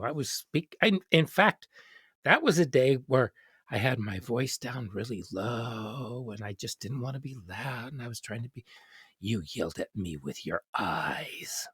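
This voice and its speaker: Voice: medium pitch, fairly bright tone, husky, no room sound, clean studio sound. An educator hosting a casual interview, telling stories expressively and quoting others. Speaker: host, educator.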